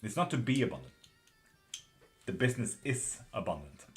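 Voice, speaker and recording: A man doing live tarot readings, chatting breezily with viewers and answering questions quickly, with casual swearing. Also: lowish voice, big pitch swings, soft background music. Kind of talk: casual live-stream chat.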